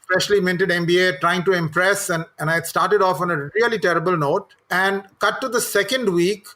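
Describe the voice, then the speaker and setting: A man's voice: high voice, normal speed, sharp tone. A middle-aged man, a guest telling candid, self-deprecating personal anecdotes. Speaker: guest, communications executive and coach.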